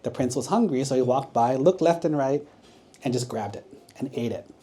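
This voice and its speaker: A monk gently telling a story to children at a temple, often checking in with them. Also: male voice, medium pitch, animated, moderate pace. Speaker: Buddhist monk. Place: temple hall.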